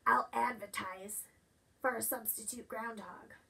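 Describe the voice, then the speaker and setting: A woman's voice: fairly high pitch, fairly even intonation, a little slow, creaky, far from the mic, noisy background. A woman voicing a sick male groundhog who is worried about letting everyone down, in a storybook reading. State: stuffy and sneezing.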